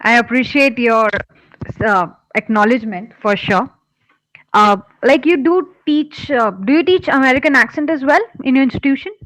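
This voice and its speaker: A young woman in her twenties with an Indian accent, an online English tutor who asks polite, measured follow-up questions on a video call. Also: high-pitched, a bit bright, no room sound, low-quality recording. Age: 20s. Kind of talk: casual video-call conversation.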